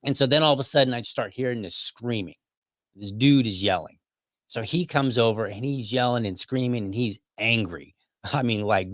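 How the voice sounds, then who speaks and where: A man's voice: lowish voice, brisk, fairly bright tone, no room sound. A man hosting a podcast, telling a story casually with many restarts and asides. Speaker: podcast host.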